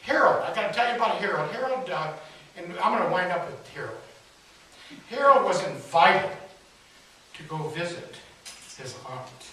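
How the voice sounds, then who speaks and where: A man's voice: high-pitched, expressive, moderate pace, pauses often, pushed and bright. A man giving a folksy inspirational talk at a spiritual center, telling a story and asking the audience questions. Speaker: spiritual speaker. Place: large hall at a spiritual center. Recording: echoey hall, distant mic, faint hiss.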